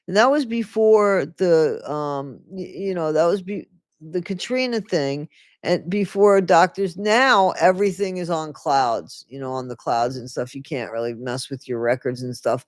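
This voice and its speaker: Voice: mid-range voice, measured pace, no echo, clean studio sound. Blunt, scornful livestream host. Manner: chatty with the live chat. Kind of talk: casual livestream commentary.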